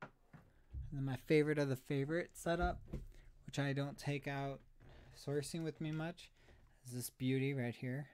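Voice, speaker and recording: A man's voice: mid-range voice, fairly even intonation, a little slow, long pauses, darkish tone, a little hiss or hum. A man chatting on a live stream about thrift finds, rambling and self-deprecating, sounding slightly out of breath. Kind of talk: casual live stream chat.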